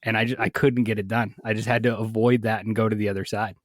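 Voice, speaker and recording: Man, podcast guest, low voice, slow halting delivery, dry close mic. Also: flat delivery, dry recording. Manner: slow, hesitant storyteller with many ums. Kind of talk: casual podcast banter.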